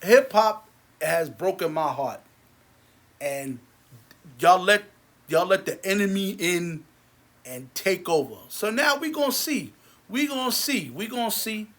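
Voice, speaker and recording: A man and movie theater owner ranting angrily to camera, heated and repetitive, his voice sinking low and quiet between outbursts. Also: lively intonation, a little slow, pauses often. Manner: repetitive, many restarts. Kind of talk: angry rant to camera.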